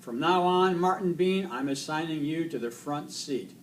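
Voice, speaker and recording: A brisk, commanding woman bus driver, voiced by a man in a raised pitch. She snaps out orders with firm emphasis. The voice is picked up from a distance, with faint hiss. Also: close to an everyday voice. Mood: stern. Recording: distant mic, faint noise.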